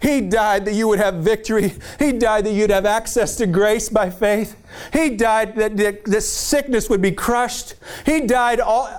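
Man preaching, fiery sermon, high-pitched voice, emphatic, fired up, middle-aged. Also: smooth.

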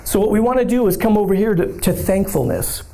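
A guest speaker at a church gives a lively sermon-style talk in a hoarse, mellow, high voice that's nearly gone. He talks at a quick pace, upbeat and chatty, animated and conversational. Bold and joking, he often asks the room "right?"

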